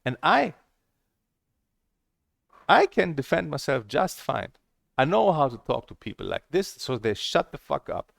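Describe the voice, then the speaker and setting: Blunt, heated man with a gravelly voice. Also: fairly high pitch, sing-song, unhurried, long pauses, dry recording, clean studio sound. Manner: repeats himself, restarts phrases. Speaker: table tennis game vlogger. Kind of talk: casual ranting monologue.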